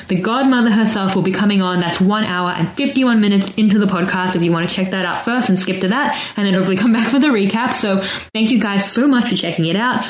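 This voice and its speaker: An Australian woman with a hybrid accent hosts a podcast in a loose, enthusiastic way, laughing often. Her voice sits mid-range and has a roomy echo around it. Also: mid-range voice. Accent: mixed Australian. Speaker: podcast host. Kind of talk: casual podcast chat.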